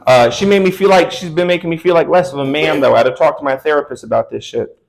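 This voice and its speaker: A man's voice: fairly high pitch, fast, gravelly, rough recording. A young man performing a stand-up comedy set on a club stage, telling crude, loose stories with slangy asides.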